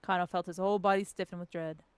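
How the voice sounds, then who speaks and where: A woman's voice: lowish voice, fairly even intonation, fast talker, clean tone, dry recording. A woman streaming a story game, reading the text aloud and chatting casually with the odd swear. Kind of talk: casual let's-play narration.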